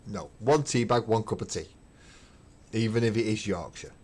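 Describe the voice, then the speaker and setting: In a lowish, slightly rough and a little mellow voice at normal speed, a middle-aged man chats casually while painting on his hobby livestream. He's emphatic and opinionated, swearing as he rants.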